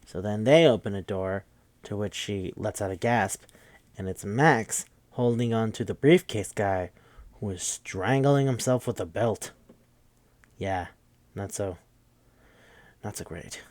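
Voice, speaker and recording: A man's voice: fairly low pitch, a little slow, long pauses, darkish tone, no room sound. A man casually recapping a movie, rambling and swearing with lots of fillers. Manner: rambling, profane, full of fillers. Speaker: podcast host.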